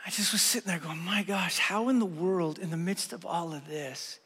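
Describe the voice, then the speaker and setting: Middle-aged guy pastor preaching, kinda high voice, earnest, gets loud then real quiet, long church reverb. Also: normal speed, hardly any pauses, husky. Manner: earnest storytelling, swings from loud to hushed. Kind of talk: sermon.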